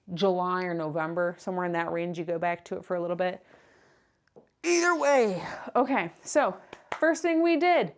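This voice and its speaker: A woman's voice: mid-range voice, darkish tone. A young woman talking casually to camera from her home office, a bit out of breath, acting out her own inner voice. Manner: chatty, acts out her own inner voice with upswings. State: a little out of breath. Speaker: reselling business vlogger. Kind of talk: casual vlog to camera with a whiteboard. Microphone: clip-on wireless mic.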